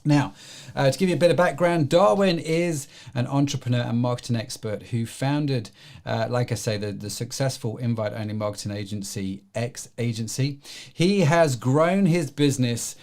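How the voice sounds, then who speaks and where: A man's voice: medium pitch, moderate pace, darkish tone. A man hosting an e-commerce podcast, who talks in a chatty, rambling way full of fillers and restarts. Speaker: podcast host. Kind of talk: podcast interview.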